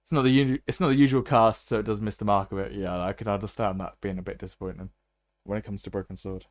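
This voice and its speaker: A man chatting over a game stream in a low voice, joking with his audience and laughing often. The sound is dry and close to the mic. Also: steady tone, fast talker, no echo. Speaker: gaming streamer. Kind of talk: live gameplay commentary.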